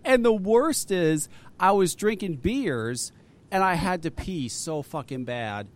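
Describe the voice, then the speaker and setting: A man hosting a talk radio show, his voice sitting a bit high and swinging widely in pitch as he tells stories. He swears freely and laughs often, the loose manner of a chat between friends. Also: slow. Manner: animated storyteller, swears a lot, laughs often. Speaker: host.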